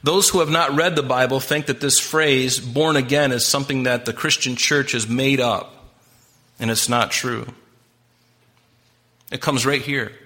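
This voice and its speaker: A man's voice: medium pitch, steady tone, measured pace, pushed and bright. A man preaching a sermon as pastor, emphatic and impassioned, talking straight to his congregation.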